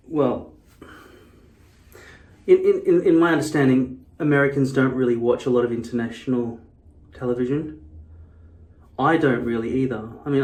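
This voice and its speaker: A man vlogging casually to camera, blunt and profane, wandering into rambling asides. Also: medium pitch. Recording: echoey room.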